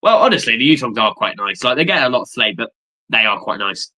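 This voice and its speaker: Young man, bright forceful voice, rambling livestream chat, excitable, casual swearing. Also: mid-range voice, quick pace, poor audio. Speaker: livestream host.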